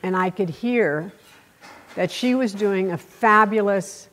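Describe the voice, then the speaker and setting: An older woman with a Texas accent giving a keynote speech, telling blunt, salty stories with dramatic pauses. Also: mid-range voice. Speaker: keynote speaker.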